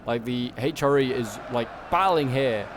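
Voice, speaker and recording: A game channel host with a Yorkshire accent and a mid-range voice, speaking at normal speed over a slight hiss or hum. His gameplay commentary is casual and rambling, loaded with "like" and "um" and frequent self-corrections.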